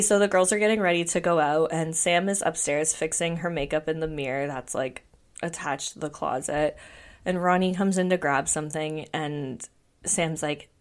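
A woman's voice: deep voice, steady tone, measured pace. A young woman hosting a podcast, recapping scenes in a snarky, casual way with lots of fillers. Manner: snarky, filler-heavy storytelling. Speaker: podcast host.

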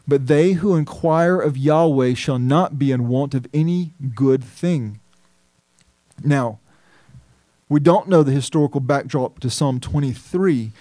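Earnest pastor with a mellow voice. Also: male voice, fairly high pitch, no echo, studio quality. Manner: measured, earnest preaching with emphatic scripture reading. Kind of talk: sermon.

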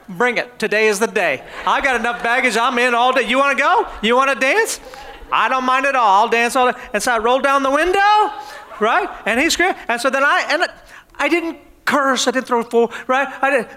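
Male pastor preaching; animated storyteller with a very high, bright voice. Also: slight background noise. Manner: animated storytelling, often laughing. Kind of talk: sermon.

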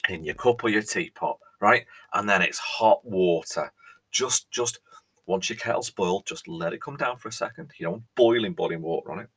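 A man's voice: low-pitched, a bit bright, slightly rough. A British man hosting a podcast, delivering a theatrical, mock-outraged monologue that keeps checking in with "right?". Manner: theatrical, exasperated, pausing, repeats "right?". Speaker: podcast host.

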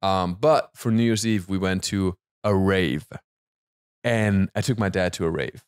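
A man, co-hosting a podcast, telling stories in a lively way with frequent restarts and laughs. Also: sits low, a little slow, clear, resonant tone, no echo, clean studio sound. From Germany. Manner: animated storyteller, stammers and restarts, laughs often. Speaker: podcast co-host. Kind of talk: casual chat.

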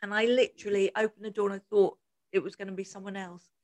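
This podcast co-host talks fast in a mid-range voice. Telling stories in a casual chat, she's animated, bursts into laughter frequently, and acts out quotes.

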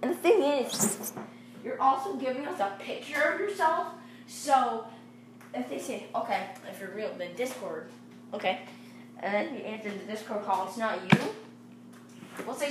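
A woman's voice: on the high side, expressive, moderate pace, pauses often, background noise. A teenage girl rambling bossily in a casual monologue, often correcting herself. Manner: bossy, rambling, self-correcting. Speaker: young vlogger pitching a game club.

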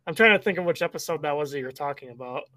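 A man co-hosting a podcast in relaxed, rambling casual chat, often correcting himself mid-sentence. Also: on the high side, racing, no echo. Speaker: podcast co-host.

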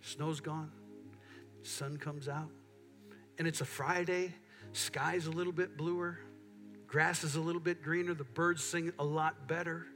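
Bright-voiced middle-aged man preaching. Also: on the high side, a little slow, pauses often, soft background music. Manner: animated storytelling, acts out quotes. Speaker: pastor. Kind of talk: sermon. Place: church sanctuary.

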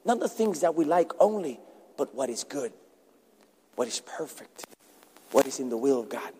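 A pastor preaching a sermon emphatically, repeating words for stress. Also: male voice, medium pitch, sing-song, normal speed, mellow, a little hiss or hum. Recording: long reverb in a large hall.

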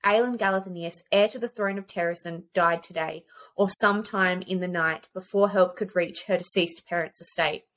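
A woman's voice: lowish voice, fairly even intonation, moderate pace, a bit bright. A woman co-hosting a casual book podcast who reads quotes aloud with feeling and swears freely. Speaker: podcast co-host. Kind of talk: casual book chat with read-aloud passages.

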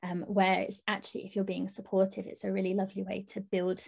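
A woman in casual conversation who speaks in a thoughtful, gently reflective way. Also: mid-range voice, completely flat delivery, fast talker, vocal fry, husky.

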